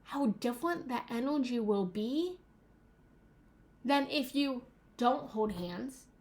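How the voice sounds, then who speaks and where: Woman, relationship coach, slow deliberate delivery, fairly high voice, earnest, repeats phrases for emphasis. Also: expressive, a little mellow. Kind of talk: motivational talk to an audience.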